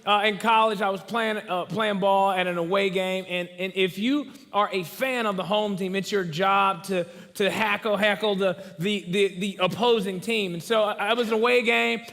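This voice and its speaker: A young man preaching a sermon as pastor in a church, telling stories in an animated way and acting out the voices he quotes. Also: sits high, moderate pace, hardly any pauses, long reverb tail. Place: church auditorium.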